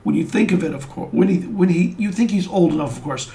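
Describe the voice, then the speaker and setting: A man's voice: high voice, fast talker, creaky, dark tone. A man voicing a grieving, drunk middle-aged sailor father who pleads tearfully. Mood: pleading.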